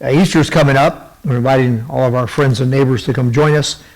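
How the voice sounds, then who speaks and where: A man with a gravelly, mid-range voice hosts his own talk podcast. He rambles through casual commentary, stopping and restarting often and filling gaps with "uh" and "um." He is holding back a cough. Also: mid-range voice, steady tone, brisk, rough recording. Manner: meandering, many fillers and restarts. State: fighting a cough. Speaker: podcast host.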